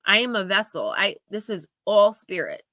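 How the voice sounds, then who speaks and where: A woman reads oracle cards live for her viewers, speaking earnestly and with emphasis as she confides in them. Her voice is bright and forceful, and the recording is dry and close. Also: mid-range voice, very animated, normal speed, no echo. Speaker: oracle card reader hosting a live stream. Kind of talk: live-stream card reading, heartfelt advice.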